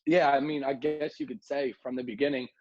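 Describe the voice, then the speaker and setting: A man, a nightlife promoter, telling lively stories on a podcast, acting out the people he quotes. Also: mid-range voice, a little fast, no echo, dull audio, faint music behind. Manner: animated storyteller, acts out quotes, many fillers like "like". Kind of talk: casual podcast storytelling.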